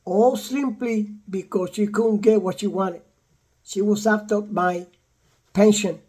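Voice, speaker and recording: A man's voice: high-pitched, slow pace, slightly rough. Older man telling his own story. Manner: repetitive, animated retelling with acted quotes. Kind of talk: casual storytelling monologue.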